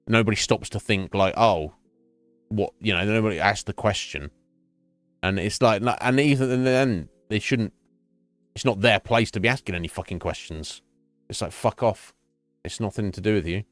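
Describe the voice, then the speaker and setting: Brief: middle-aged British streamer, low-pitched, blunt and profane, dry close mic with faint music behind. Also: male voice, normal speed, pauses often, dry recording. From Britain. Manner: sweary, blunt, rambling with repeated restarts. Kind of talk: casual chat to stream chat.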